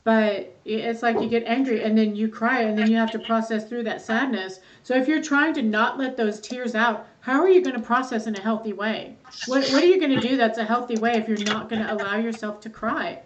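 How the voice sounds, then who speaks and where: A middle-aged woman therapist chatting on a podcast in a slightly high voice. She talks candidly, swears without a second thought and laughs easily. A faint hiss sits under her voice. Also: fairly quick, highs cut off. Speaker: therapist guest. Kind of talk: casual podcast chat.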